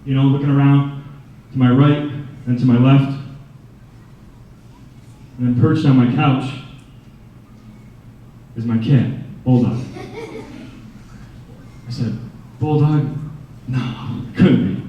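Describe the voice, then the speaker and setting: A man giving a lively storytelling talk to children at a school assembly, breaking into high sung imitations. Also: slow, pauses often, muffled recording, a little hiss or hum. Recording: echoey hall from far off.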